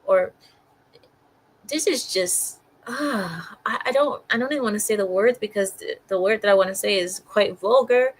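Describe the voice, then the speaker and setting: A woman's voice: mid-range voice, moderate pace, poor audio. A woman reacting to the news as a commentator, exasperated and mocking, often repeating herself. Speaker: political commentator.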